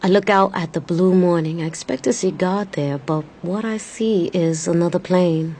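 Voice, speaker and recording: A woman narrating a recited poem as a frightened woman trapped high in a burning tower, in a quiet, hushed voice. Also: moderate pace, slight background noise, lightly acted. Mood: hushed dread.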